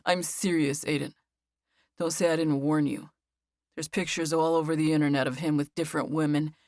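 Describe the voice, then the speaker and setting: A woman's voice: sits low, steady tone, moderate pace, darkish tone, no room sound, clean studio sound. A woman narrator voicing a jealous, clingy young man who speaks in an insistent, warning tone. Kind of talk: audiobook character voice.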